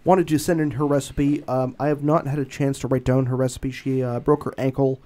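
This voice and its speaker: A man's voice: medium pitch, flat delivery, brisk, dark tone. A man hosting a podcast in casual chat, rambling with many restarts and swearing freely. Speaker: podcast host.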